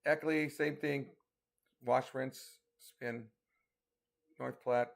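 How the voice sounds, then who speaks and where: A middle-aged man with a gravelly, mid-pitched voice hosts a livestream weather briefing. He talks in a folksy, chatty way, reading out viewer comments and answering them as he goes. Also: steady tone, drawn-out words. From northeastern Colorado. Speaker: storm chaser hosting a livestream weather briefing. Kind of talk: casual livestream chat with viewers.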